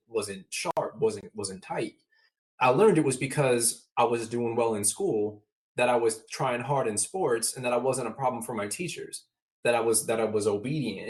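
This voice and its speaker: Earnest man telling stories as a podcast guest. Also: medium pitch. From Southern California, US. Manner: earnest storyteller who acts out remembered exchanges. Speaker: guest, motivational speaker. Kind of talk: candid podcast conversation.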